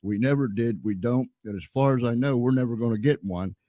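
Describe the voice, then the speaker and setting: A man's voice: medium pitch, a little fast, dry recording, highs cut off. A man hosting a live stream in a folksy, chatty way, fighting a cold. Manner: folksy and chatty, playful showman. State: has a cold. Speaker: host. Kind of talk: casual live-stream interview.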